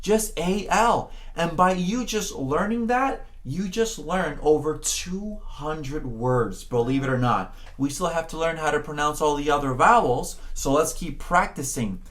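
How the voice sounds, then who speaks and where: A man teaching a Spanish pronunciation lesson, encouraging the learner, often checking in with "okay?", and drawing out words slowly to model them. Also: fairly high pitch, a bit bright. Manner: slow, drawn-out words when modeling sounds. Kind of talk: spoken language lesson.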